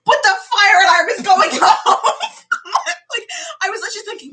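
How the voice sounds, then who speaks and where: A woman's voice: extremely high pitch, lively intonation, moderate pace, heavy background noise. An Irish woman in casual chat, telling stories animatedly, acting out what people said and laughing often. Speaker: vlogger telling stories to family.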